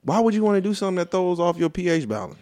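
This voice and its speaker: Rambling, profane man with a lively voice. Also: high-pitched, racing. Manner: rambling storyteller, profane, acts out his own reactions. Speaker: podcast guest. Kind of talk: casual chat.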